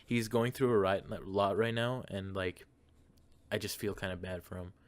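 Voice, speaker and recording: A man's voice: on the low side, steady tone, moderate pace. A man hosting, goofily rambling through an improvised comedy story with a friend. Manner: goofy, rambling, lots of fillers. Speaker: host.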